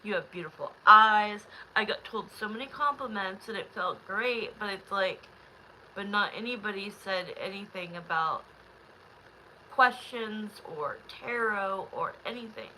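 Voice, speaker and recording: A woman's voice: mid-range voice, unhurried, bright, forceful tone, slight background noise, poor audio. A woman hosting a live tarot stream, chatting loosely with viewers in a rambling way, frustrated and close to tears. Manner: rambling, talks straight to the chat.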